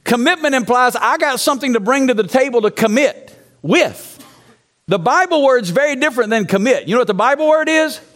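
High-voiced man preaching an emphatic sermon. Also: lively intonation, a little fast, fairly bright tone. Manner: emphatic, prompts the congregation to answer; candid, confessional storytelling. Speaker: pastor.

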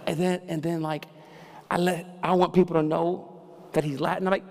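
A man preaching a sermon, moving between quiet storytelling and loud, fervent preaching. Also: a little high, flat delivery, fairly quick, gravelly. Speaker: pastor. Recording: reverberant hall with faint ambience.

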